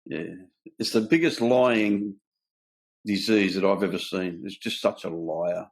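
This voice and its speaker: Give me an older Australian man with a gravelly voice, speaking earnestly and bluntly. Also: low-pitched, a little slow. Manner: earnest, blunt, tells stories with quoted dialogue. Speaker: host sharing his own recovery story. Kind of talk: candid conversation.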